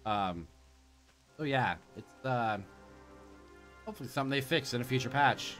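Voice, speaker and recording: A man streaming gameplay late at night from a quiet home, sleepy and punchy, rambling and joking to himself as he plays. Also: medium pitch, animated, moderate pace, pauses often, soft background music. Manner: rambling and jokey, talking to himself. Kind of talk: casual gameplay commentary.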